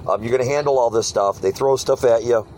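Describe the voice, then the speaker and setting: A street preacher in casual talk, recorded outdoors with faint traffic humming behind him. His voice sits at an ordinary male pitch, and he tells his stories with animated energy, slipping into the voices of hecklers. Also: quick pace, low-quality recording. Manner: animated storyteller, mimics hecklers. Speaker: street preacher leading a discussion. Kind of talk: casual group talk with acted-out quotes.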